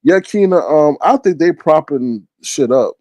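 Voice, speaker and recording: A man's voice: a little high, expressive, a little slow, darkish tone, no echo, lo-fi sound. A man hosting a live stream, reading viewers' chat and talking back bluntly in loose, slangy casual commentary. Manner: chatty, talks straight to viewers by name, slangy and blunt.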